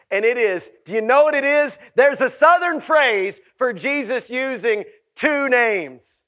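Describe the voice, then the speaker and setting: A male pastor preaching a sermon, swinging from shouted lines to hushed whispers with drawn-out emphasis. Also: extremely high pitch, animated. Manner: drawn-out, emphatic delivery to the congregation.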